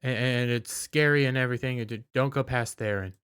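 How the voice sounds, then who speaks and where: A tired-sounding man recaps a TV episode in a loose, rambling way, stumbling and restarting as he goes. His voice is smooth and clear at a middle pitch. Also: fairly even intonation, a bit bright. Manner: rambling, halting, with restarts and filler. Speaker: video reviewer. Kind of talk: casual spoken episode recap.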